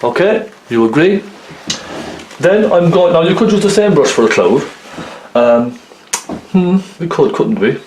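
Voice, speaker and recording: A man's voice: on the high side, very animated, a little slow, pauses often, darkish tone, slight background noise. A man giving a chatty, step-by-step oil painting lesson, often checking in with tag questions. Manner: chatty, lots of tag questions like okay and isn't it. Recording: roomy echo.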